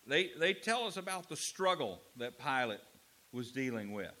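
A man preaching a sermon in an animated way, acting out quotes with voices. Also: medium pitch, normal speed. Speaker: pastor.

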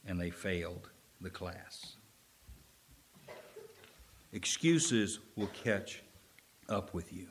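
Guy preaching a sermon, tells a story, goes quiet then punches lines out loud, in a church. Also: deep voice, drawn-out words, long pauses, a little hiss or hum. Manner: storytelling preacher, swings from soft asides to loud emphatic lines. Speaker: pastor.

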